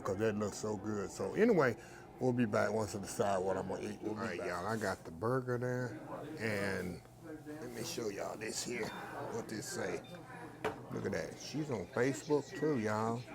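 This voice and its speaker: Calling his viewers y'all, a man hosting a food vlog chats casually in a lowish voice with vocal fry. The scene moves from a car in the rain to a small diner, and his lapel mic catches plenty of road and diner noise.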